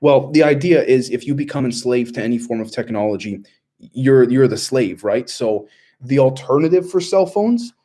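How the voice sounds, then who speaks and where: A man's voice: medium pitch, lively intonation, normal speed, mellow. A young man hosting a casual livestream, reading out chat questions and answering in a loose, rambling way with many fillers.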